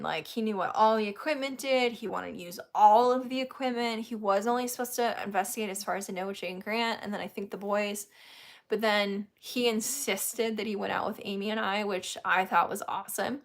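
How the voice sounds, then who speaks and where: In casual chat, a woman host tells a story with animation, laughing frequently and acting out what other people said. Her voice is fairly high and brisk.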